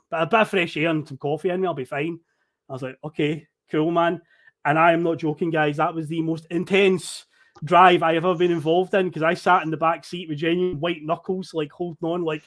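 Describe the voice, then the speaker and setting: A man's voice: fairly high pitch, brisk. Swearing Scottish man telling a story. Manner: animated, swearing, laughing storyteller. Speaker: podcast guest. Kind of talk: casual storytelling.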